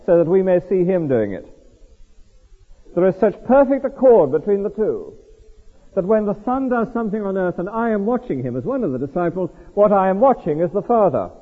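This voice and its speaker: A man preaching an expository sermon to a congregation, animated and full of rhetorical questions to the listeners. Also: a little high, breathy edge. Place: large hall before a congregation. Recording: echoey hall on a tinny lo-fi line.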